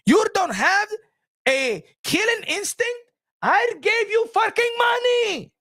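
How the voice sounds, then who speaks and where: A man impersonating a furious, rich male boxing promoter who shouts and swears as he scolds a fighter. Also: very high-pitched, animated, slow, pitched above the performer's own voice, exaggerated voice.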